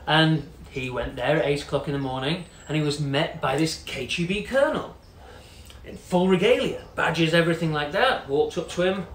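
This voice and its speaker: A man's voice: on the high side, normal speed, a bit bright. Chatty man telling a story. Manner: chatty, many "you know" fillers, acts out quoted voices. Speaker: company CEO telling a story. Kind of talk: casual storytelling. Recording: echoey room with faint noise.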